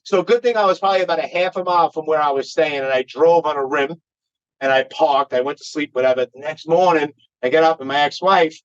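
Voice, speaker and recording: A man's voice: fairly high pitch, fast. Foul-mouthed New guy telling stories. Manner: profane, rambling anecdote-telling. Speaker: podcast guest, singer. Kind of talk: casual storytelling. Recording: dull lo-fi recording.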